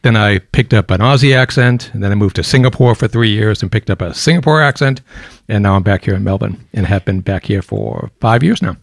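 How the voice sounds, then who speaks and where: A man in his fifties with a softened Boston American accent, telling stories as a guest on a radio talk show. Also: on the low side, a little fast, vocal fry, no echo. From Boston, United States. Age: 50s. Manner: chatty anecdotal storyteller, dry jokes. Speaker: radio guest, volunteer coordinator. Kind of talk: casual radio interview. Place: radio studio.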